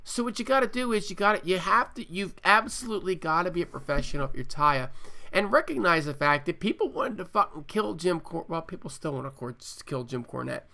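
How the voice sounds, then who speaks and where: A man's voice: high voice, a little fast, gravelly, bright, forceful tone. A man co-hosting a podcast, talking emphatically with repeated words and profanity. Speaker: podcast co-host. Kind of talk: casual podcast chat.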